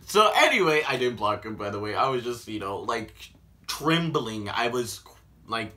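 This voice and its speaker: A man telling a story in a casual vlog, animated and sarcastic. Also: mid-range voice, normal speed, slight background noise. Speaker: vlogger.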